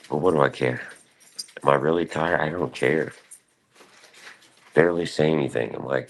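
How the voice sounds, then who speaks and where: A man's voice: normal speed, long pauses. A man talking in a rambling, profane monologue on his own stream, restless and jumping between thoughts. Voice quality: gravelly, very deep.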